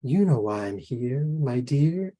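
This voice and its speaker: A man voicing a giant, sly male bird that speaks in a lilting, sing-song way, dark and sweet. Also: on the high side, animated, drawn-out words, pitched above the performer's own voice.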